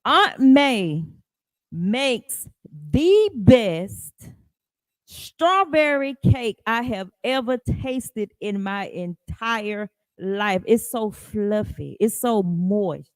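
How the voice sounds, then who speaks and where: Casting: woman podcast host, animated chatty delivery, dry close mic. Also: medium pitch, very slow, no echo. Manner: lively, greets listeners by name, laughs often. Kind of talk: casual live podcast chat.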